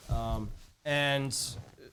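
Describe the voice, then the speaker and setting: A man's voice: mid-range voice, fairly even intonation, fairly bright tone, a little hiss or hum. A man co-hosting a podcast, talking casually with frequent restarts. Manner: halting, many restarts and fillers. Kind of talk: casual chat.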